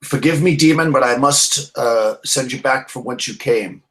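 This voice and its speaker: A man's voice: medium pitch, normal speed, fairly bright tone, voice pushed up, lightly acted. A man voicing an earnest young male warrior who speaks in formal, solemn words.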